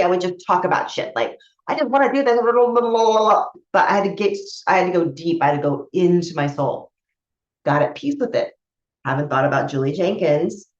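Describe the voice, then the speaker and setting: Lowish-voiced woman rambling thru a personal story, swears casually, echoey room, muffled lo-fi sound. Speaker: spiritual coach.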